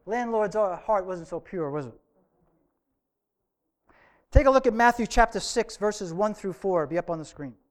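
A man's voice: sits high, lively intonation, moderate pace, pauses often. A man preaching a sermon to his church, earnest, stretching out key phrases for emphasis. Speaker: pastor.

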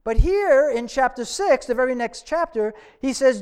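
A man's voice: very high voice, expressive, normal speed, hardly any pauses, a little mellow, smooth. A man preaching a sermon to his church, earnest, stretching out key phrases for emphasis. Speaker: pastor.

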